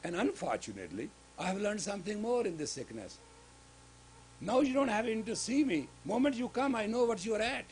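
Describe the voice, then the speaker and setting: A man giving a sermon-style lecture as a spiritual teacher in a gurdwara, speaking emphatically with sudden loud rises on key words. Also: high voice, big pitch swings, brisk, slight background noise, rough recording.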